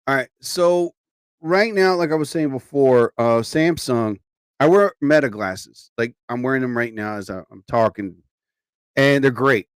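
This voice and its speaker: A man's voice: mid-range voice, unhurried, clear, resonant tone, dry recording. A tired man hosting a live show, chatting casually and rambling, with frequent exclamations. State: sleepy, tired. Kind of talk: casual live-stream chat. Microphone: studio mic.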